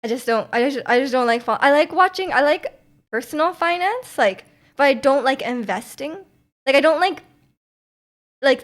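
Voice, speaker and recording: A young woman streamer chatting casually with her viewers, rambling with lots of "like"s and restarts and laughing often. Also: sits high. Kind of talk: casual chat reading chat messages.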